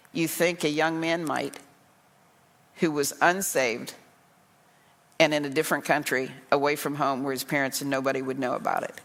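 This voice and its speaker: Older woman pastor, low voice, heartfelt conversational sermon, long hall reverb. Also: fairly bright tone. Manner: earnest, emotional, conversational preaching. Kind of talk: sermon to a women's group.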